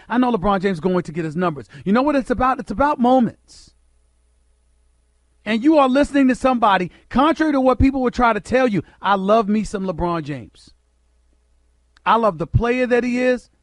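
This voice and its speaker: Middle-aged american guy ranting on sports radio, high voice, bone dry sound, preachy and emphatic. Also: no echo. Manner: emphatic, preacher-like, rhetorical questions. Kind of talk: impassioned sports radio monologue.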